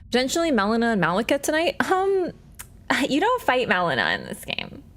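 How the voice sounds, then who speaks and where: A woman's voice: high voice, wildly swooping pitch, fairly quick, slight background noise. A woman livestreaming a game, chatting casually to her viewers in a rambling, joking way that is full of swearing. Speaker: gaming livestreamer. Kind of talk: casual stream chat.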